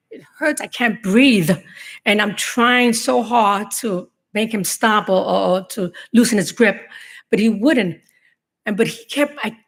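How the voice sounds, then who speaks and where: Woman, middle-aged, personal testimony, emotional, halting, restarts, medium pitch. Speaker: survivor giving a talk to law enforcement.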